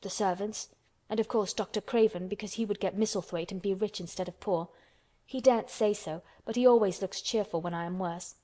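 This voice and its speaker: A woman's voice: mid-range voice, fairly even intonation, brisk, warm tone, close to an everyday voice. A woman voicing a sickly, spoiled young boy who asks petulant, anxious questions. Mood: resentful.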